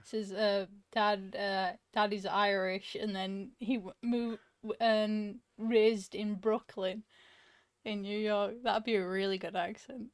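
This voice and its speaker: A woman's voice: mid-range voice, flat delivery, takes it slowly, no room sound, clean studio sound. A woman chatting casually on a stream, giggling often.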